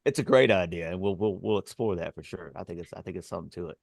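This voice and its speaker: Man, co-host, joking, upbeat, rapid delivery, dry close sound. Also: low voice, gravelly, no echo. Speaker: podcast co-host. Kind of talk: casual chat.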